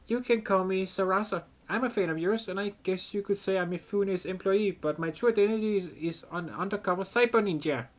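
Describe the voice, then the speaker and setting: A man's voice: high-pitched, a little fast, hardly any pauses, pitched above the performer's own voice, natural voice. Man reading a sheepish cyber ninja girl. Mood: breezy. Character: playful young female cyber ninja hacker. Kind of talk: fan voice reading of game dialogue.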